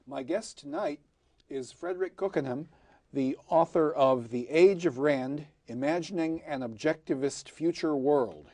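A man hosting a cable talk show, asking his guest questions in a measured, conversational way. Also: a little high, dark tone, no echo. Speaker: host.

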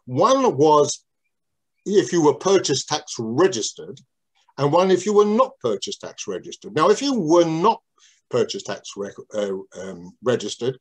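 A man's voice: mid-range voice, breathy edge. An older man reminiscing in an interview about how he started in business, talking in a rambling, digressive way with many restarts.

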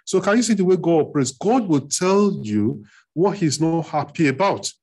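A man preaching as pastor, emphatic, repeating phrases and climbing higher on key points. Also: lively intonation, moderate pace, darkish tone, breathy edge. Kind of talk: sermon. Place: church hall.

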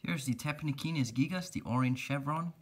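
A man's voice: a little high, a little fast, husky. A man narrating a casual pet-keeping vlog, chatty and teasing his spiders as he feeds them. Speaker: reptile and spider keeper vlogger.

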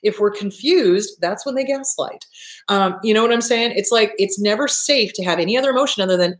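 A middle-aged woman, a therapist, giving blunt, profane, expressive advice in a casual monologue. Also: medium pitch, brisk. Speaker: therapist, show host. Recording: echoey room.

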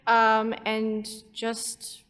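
A woman's voice: on the high side, completely flat delivery, extremely slow, a bit bright, clear, resonant tone. A woman chatting casually on a convention panel as a YouTube storyteller. She is chatty and giggly, with many fillers and restarts. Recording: long hall reverb from a convention panel.

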